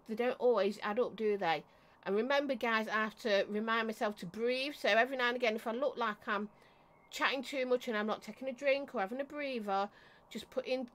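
A woman with a high voice hosts a casual live stream from her desk at home. She chats warmly with her viewers and greets each one by name. Now and then she stops to cough or clear her throat. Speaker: vape reviewer and livestream host.

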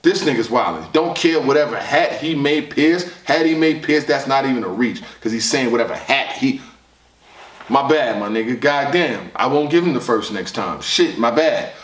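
A man recapping a battle rap in casual, animated, profane commentary, reacting loudly and repeating words as he quotes lines. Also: mid-range voice, moderate pace, echoey room, far from the mic.

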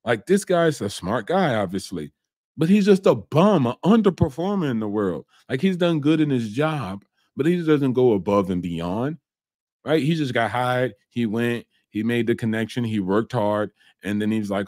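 A man rants through a reaction commentary, blunt and mocking, throwing in curse words as he goes. His voice sits at an ordinary pitch. It is recorded close and dry, with no room sound. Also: lively intonation, moderate pace, darkish tone, no echo. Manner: blunt, mocking, swears freely. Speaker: host reacting to a documentary.

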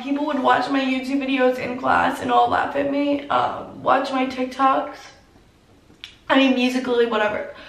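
A teenage girl vlogger telling a personal story through tears, filler-heavy and halting. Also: fairly high pitch, fairly bright tone, echoey room, distant mic, poor audio. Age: teens. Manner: tearful, heavy use of "like". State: crying. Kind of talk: emotional storytime.

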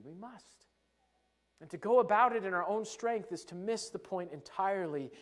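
A man with a high, light voice preaching a sermon from the pulpit. He is emphatic and lets key phrases drop away to a soft, low finish. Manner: acts out the disciples' worries in a fretful voice. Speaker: pastor.

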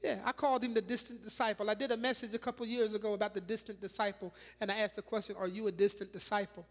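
A woman bishop preaching a sermon in a church, dramatic and animated, firing rhetorical questions at the congregation with laughing asides. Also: medium pitch, rapid-fire. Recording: long reverb of a large church hall.

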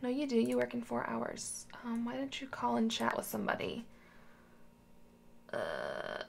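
A woman with a strongly gravelly, fry-heavy voice talks her way through a game at an unhurried pace. Her pitch sits a little high and swings around a lot. She coaxes the characters on screen like small children. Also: sing-song, slight background noise. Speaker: gaming channel host. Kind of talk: casual game commentary.

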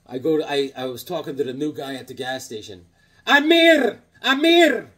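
A man's voice: mid-range voice, fast, darkish tone, slightly rough. A man showing off his comic book collection in a rambling, joking way, often acting out little conversations in silly voices. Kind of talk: casual comic collection show-and-tell.

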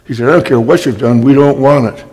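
An older man, a guest speaker, telling wry anecdotes in a storytelling talk and clearing his throat often. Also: medium pitch, steady tone, fast talker, a little mellow. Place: library talk hall. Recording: long hall reverb.

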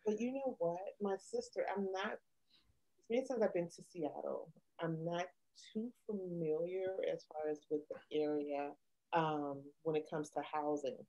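A woman with a fairly low voice speaks quietly and softly in relaxed conversation. She talks as a client describing her home sale. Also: unhurried, muffled recording. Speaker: home seller interviewed as a client. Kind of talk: casual conversation.

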